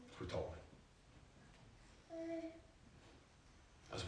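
Male preacher, lively sermon delivery that swings to near-shouting peaks, distant mic, heavy hall echo. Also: on the low side, moderate pace, long pauses, a little hiss or hum. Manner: animated preaching, rising to near-shouting climaxes. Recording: very echoey hall, mic far off.

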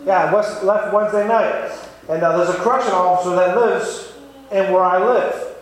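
A man's voice: sits high, steady tone, moderate pace. A man giving an earnest, repetitive testimony sermon in a church. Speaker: lay preacher giving testimony. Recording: echoey church room, faint noise.

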